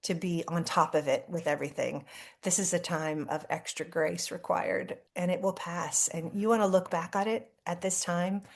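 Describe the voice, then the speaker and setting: Low-voiced woman author telling stories. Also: steady tone, normal speed, vocal fry. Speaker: author and guest. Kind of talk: interview conversation.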